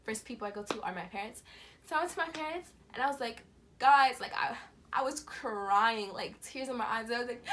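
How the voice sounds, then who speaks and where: A young woman vlogger tells a storytime tale in casual, slangy speech, animatedly acting out the voices of the people involved. Her voice is on the high side, and she talks a little fast.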